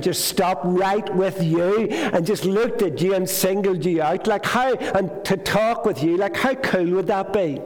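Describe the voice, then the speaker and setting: A man's voice: fairly high pitch, darkish tone. A male preacher giving a conversational sermon, retelling a gospel story and putting questions to the congregation. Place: church. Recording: long hall reverb.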